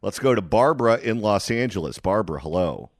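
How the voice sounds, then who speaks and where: A man hosting a call-in radio talk show, jokey and quick to move between callers. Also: on the low side, expressive, dry recording. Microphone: studio mic.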